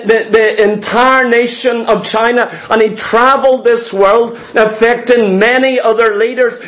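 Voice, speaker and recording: A man's voice: extremely high pitch, a bit bright. A man preaching a sermon to his congregation. He speaks with emphasis, repeats himself, and keeps asking rhetorical questions. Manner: emphatic and repetitive, often asks "do you know what".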